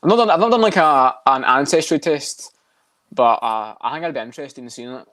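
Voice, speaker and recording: A man's voice: mid-range voice, expressive, a bit bright, no room sound. A young Scottish man with a Scottish accent in a casual podcast chat, swearing a lot as he talks. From Scotland. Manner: swears constantly, quick and chatty. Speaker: podcast co-host.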